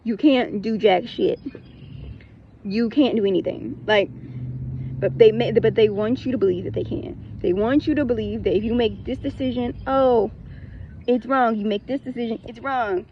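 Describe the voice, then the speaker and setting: Woman for a casual spiritual talk, higher gravelly voice, blunt and emphatic with repeated points, lo-fi sound. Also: moderate pace, a little hiss or hum. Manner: breaks into laughter. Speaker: spiritual content creator.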